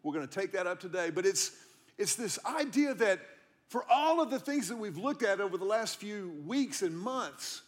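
In a church auditorium, a middle-aged male pastor preaches with a high voice that swings widely in pitch, keeping a moderate pace. He tells his sermon like a story, conversationally, and repeats the key lines.

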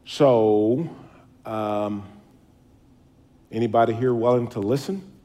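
A man's voice: medium pitch, slow, warm tone. A middle-aged man giving a public speech in a folksy, storytelling way, poking fun at himself. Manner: folksy, storytelling, self-deprecating. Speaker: speaker.

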